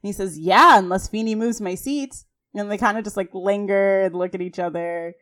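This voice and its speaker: A woman co-hosting a podcast, recapping a TV episode scene by scene in a chatty, animated way with frequent fillers. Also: medium pitch, fairly quick. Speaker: podcast co-host.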